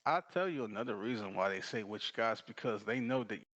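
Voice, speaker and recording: A man's voice: fairly low pitch, animated, fairly quick, a bit bright, highs cut off. Stammering man pushing back. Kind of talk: argumentative podcast talk.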